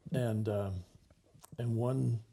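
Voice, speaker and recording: A man's voice: medium pitch, fairly even intonation, very slow, gravelly, dark tone, a little hiss or hum. A man hosting a talk show, telling a story in a vivid conversational way and acting out the dialogue.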